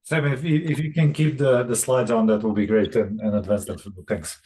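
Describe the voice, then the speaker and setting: A man presenting on a video call, talking in a halting way with many restarts and fillers. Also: fairly low pitch, steady tone, warm tone. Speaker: session facilitator. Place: room in Boston.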